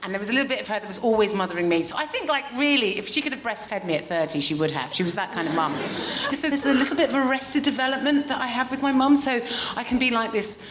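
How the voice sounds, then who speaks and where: A woman's voice: a little high, expressive, quick pace, hardly any pauses, a bit bright. A woman co-hosting a live comedy podcast, chatting candidly and self-deprecatingly with frequent restarts. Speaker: podcast co-host. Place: live theatre stage with audience. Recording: roomy hall with noticeable noise.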